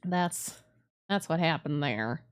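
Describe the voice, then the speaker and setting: A woman's voice: sits low, expressive, takes it slowly, clear, resonant tone. A woman streamer chatting casually to her audience between game moments, taking her time with every sentence. She rambles, laughs at her own mistakes, and keeps a self-deprecating, giggly tone throughout.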